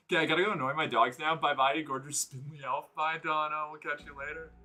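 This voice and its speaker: A man's voice: on the high side, moderate pace, sharp tone. A man from New England streaming casually from the floor, rambling through chat with lots of fillers and restarts. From New England, United States. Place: indoors, sitting on the floor.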